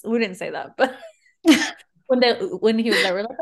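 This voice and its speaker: A woman's voice: mid-range voice, fairly even intonation, a little fast. A young woman with a slight Southern accent, co-hosting a podcast in casual, bubbly chat and laughing often. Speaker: podcast co-host.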